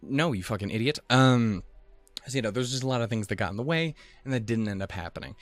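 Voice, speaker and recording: A man's voice: medium pitch, fast talker, dry recording, faint music behind. A young man hosting an anime reaction channel, rambling casually, swearing often and laughing at himself, a little out of breath. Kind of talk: casual chat.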